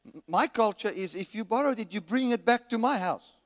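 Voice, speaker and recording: High-voiced man preaching in a reverberant hall. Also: lively intonation, brisk. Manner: storytelling, rising to shouts when reenacting anger. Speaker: guest preacher. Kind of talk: sermon with anecdote. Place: resort hall at a church camp. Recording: long reverb of a large hall.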